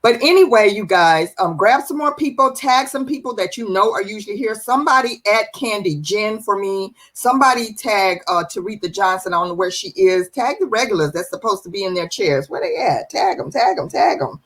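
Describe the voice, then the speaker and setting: A woman hosting a live-stream show, lively and chatty, greeting viewers by name. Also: medium pitch, fairly quick, hardly any pauses. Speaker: livestream host.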